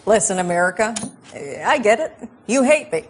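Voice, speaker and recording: An actress playing an awkward, stiff female politician in a live TV comedy sketch, talking with halting, forced cheer. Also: medium pitch, expressive, close to an everyday voice. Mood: defiant. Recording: live studio audience, loud crowd noise.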